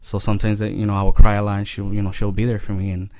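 Earnest low-voiced man telling his story. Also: completely flat delivery, a little mellow, no room sound. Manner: earnest, halting, many pauses and fillers. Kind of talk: personal testimony.

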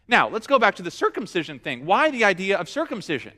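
Animated high-voiced male preacher. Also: quick pace, hardly any pauses. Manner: animated storyteller, acts out quotes. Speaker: pastor. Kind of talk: sermon.

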